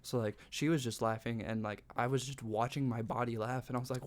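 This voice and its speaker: A man's voice: mid-range voice, steady tone, brisk. A young man vlogging from his bedroom, telling a personal story in a rambling, casual way, full of "like" and swearing. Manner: rambling, heavy use of "like", sweary.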